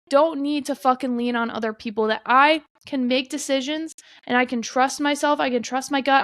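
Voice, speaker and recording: A young woman talks through a casual solo podcast in a high voice, candid and earnest. She swears often and repeats points for emphasis. The recording is dry and close on the mic. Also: a bit bright, no room sound. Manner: blunt, frequent swearing, emphatic repetition; earnest, confessional. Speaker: podcast host.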